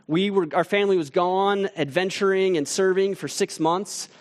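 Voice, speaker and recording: A man with a fairly high voice preaches by telling a story, casual and conversational with small restarts. At tense moments he drops almost to a hush. It sounds like a church teaching-team pastor opening a sermon. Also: steady tone, normal speed.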